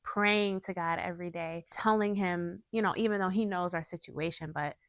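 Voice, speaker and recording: A woman's voice: lowish voice, moderate pace, clean tone, no echo. A woman giving a heartfelt, chatty personal testimony about faith and family to her viewers. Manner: earnest, heartfelt, chatty with many fillers. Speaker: faith vlogger sharing a testimony. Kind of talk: casual personal testimony to camera.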